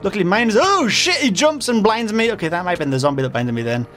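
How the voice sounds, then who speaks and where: A man hosting a modded game play-through, mumbling with fillers and then yelling in panic, his voice getting hoarse. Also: sits high, very animated, quick pace, soft background music. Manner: frequent fillers and self-corrections. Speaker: gaming channel host. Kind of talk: Minecraft modpack let's play commentary.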